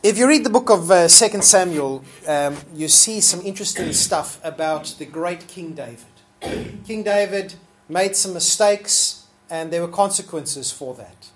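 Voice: mid-range voice, expressive, measured pace. A preacher delivering a sermon in an easygoing, conversational way, with frequent ums and uhs. Scripture is retold like a story, and the quoted people get acted out now and then. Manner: conversational, with fillers, acting out the quoted speakers.

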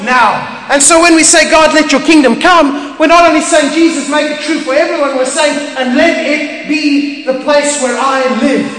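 A man preaching a sermon as pastor, animated and emphatic with playful asides. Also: very high-pitched, moderate pace, hardly any pauses. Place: church hall. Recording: echoey hall, faint ambience.

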